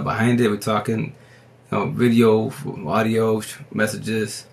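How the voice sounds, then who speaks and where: A man talking into his phone on a livestream, rambling in a casual, slangy way and talking fast. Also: fairly low pitch, little pitch movement, slight background noise. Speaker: livestream host.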